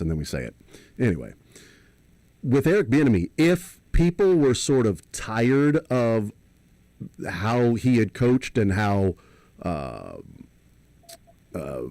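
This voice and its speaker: A man's voice: fairly low pitch, sing-song, measured pace, pauses often, a little mellow, no echo. A man co-hosting a sports radio show, thinking aloud in long, rambling analogies. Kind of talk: casual sports talk. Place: radio studio.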